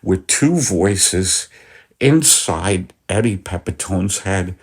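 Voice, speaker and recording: A man voicing Al, a weary, pedantic husband, in a low, gruff, exasperated voice. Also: animated, takes it slowly, heavily acted.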